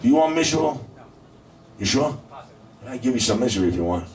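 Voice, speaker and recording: A man's voice: mid-range voice, expressive, a little mellow, distant mic. A man hosting a comedy show, doing stand-up and teasing the crowd, stretching out his punchlines. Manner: banters with the crowd, drawn-out punchlines. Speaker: comedy club host. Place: comedy club. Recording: roomy club sound from afar with faint noise.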